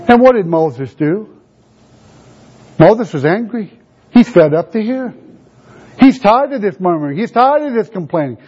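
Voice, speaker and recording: A preacher with a notably high voice delivers a sermon, firing rhetorical questions at his listeners. He slows right down to lean on scripture verses word by word. The recording is muffled and lo-fi. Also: expressive, darkish tone, breathy edge. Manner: rhetorical questions, drawn-out emphatic scripture reading. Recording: dull lo-fi recording.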